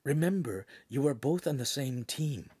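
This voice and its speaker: A man voicing a calm, formal artificial intelligence speaking softly. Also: medium pitch, moderate pace, breathy edge, dry recording, voice pushed up. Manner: formal, soft-spoken. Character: calm, formal whispering AI companion.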